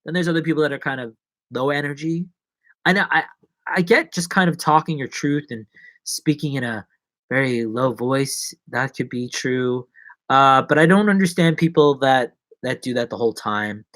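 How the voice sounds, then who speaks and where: This livestreaming vlogger talks at a moderate pace in a fairly bright tone, rambling playfully and chatting casually on his own. He slips into whispers, then leaps into squeaky voices.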